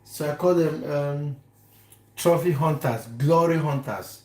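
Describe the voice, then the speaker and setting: A fairly high-voiced young man from Cameroon chats on a live stream, teasing viewers by name as he reads their comments. He talks in a casual, playful way. His voice rings around a reverberant home kitchen. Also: a little slow, a little mellow. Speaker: livestream host. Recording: echoey kitchen room.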